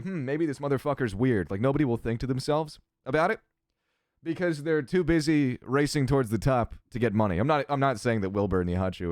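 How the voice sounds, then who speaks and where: A man's voice: medium pitch, darkish tone, clean tone, dry recording, clean studio sound. A man casually reading chat on his livestream, sardonic and crass, swearing freely.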